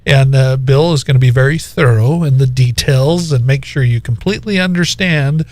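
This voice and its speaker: A man's voice: mid-range voice, moderate pace, a little mellow. A middle-aged man hosting a business talk show, chatting casually and laughing often as he tells stories. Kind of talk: casual interview chat.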